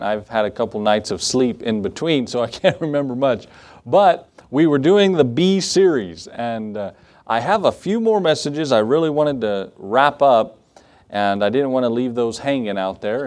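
A man's voice: mid-range voice, a little mellow. A middle-aged male pastor preaching a sermon in a conversational, storytelling way, with fillers and asides.

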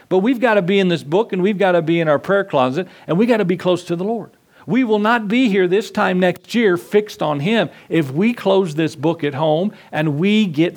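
A man preaching a sermon as pastor, earnest, acting out the voices in his stories. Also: high-pitched. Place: church.

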